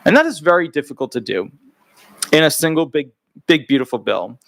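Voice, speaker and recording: A man's voice: fairly high pitch, very animated, brisk, gravelly, fairly bright tone, no echo, clean studio sound. A middle-aged man, a disability attorney, giving chatty, opinionated commentary in a casual video. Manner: chatty and opinionated, talks to his dog mid-video.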